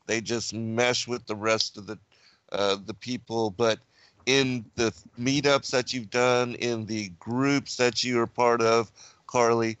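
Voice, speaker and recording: A male host leading a casual roundtable, mostly murmuring agreement and then posing long, meandering questions. He speaks slowly and without hurry. The audio is dry and muffled, like a lo-fi online stream. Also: medium pitch, fairly even intonation, a bit bright, smooth, no echo. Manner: slow, with brief affirmations and meandering questions. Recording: dull lo-fi audio.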